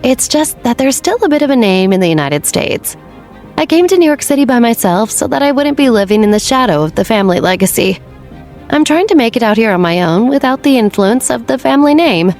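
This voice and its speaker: A woman voicing a sweet, polite teenage girl exchange student who talks softly and earnestly. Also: fairly high pitch, lively intonation, a little fast, faint music behind, pitched above the performer's own voice. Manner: soft, earnest and apologetic.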